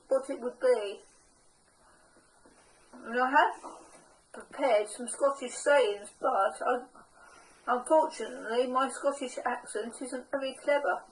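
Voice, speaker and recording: A woman with a slightly high voice leads a relaxed craft tutorial at an unhurried pace. Her delivery is chatty and homely, with a self-deprecating humour. Faint background noise sits under her voice. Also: poor audio. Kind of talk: casual step-by-step craft demonstration.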